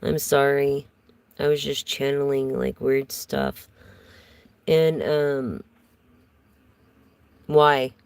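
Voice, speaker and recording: A woman's voice: extremely low pitch, very slow, creaky, pauses often, darkish tone, smooth, no echo, poor audio. A woman giving a casual live tarot reading, chatty and rambling as she talks straight to her viewers. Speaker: tarot reader.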